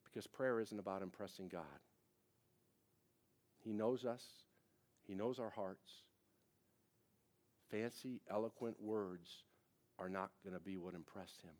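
A man's voice: fairly low pitch, a little slow, long pauses, darkish tone. A man in his forties, a pastor, preaching a sermon in a casual, conversational way, with frequent asides to the congregation.

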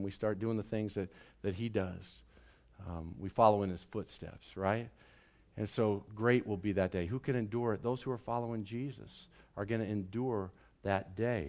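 A man preaching a sermon as pastor, animated and drawing the congregation into call and response. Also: on the low side. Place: church sanctuary.

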